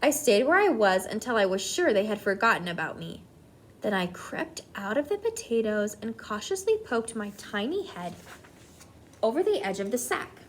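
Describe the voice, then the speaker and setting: Animated woman teacher reading aloud. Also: medium pitch, normal speed, a little hiss or hum. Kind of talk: reading a storybook aloud to a class.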